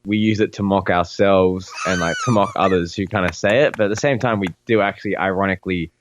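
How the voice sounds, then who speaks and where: A man's voice: deep voice, fast talker, background noise. A young man in his twenties, a musician guest, chatting easily and saying "like" a lot. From Australia. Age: 20s. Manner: relaxed, lots of "like", easygoing. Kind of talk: casual interview chat.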